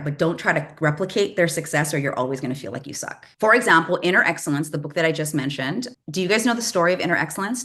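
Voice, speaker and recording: A middle-aged woman from the Bay Area, California, works as a publishing coach and talks casually to an audience. Her voice is deep with a fairly bright tone, and she's chatty and emphatic, saying "like" a lot.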